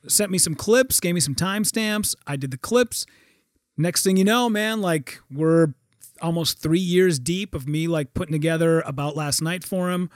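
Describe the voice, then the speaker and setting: A man with a high voice who spins his stories with energy and acts out every quote. He swears freely and the sound is dry and close. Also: no echo. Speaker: guest. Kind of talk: casual podcast chat.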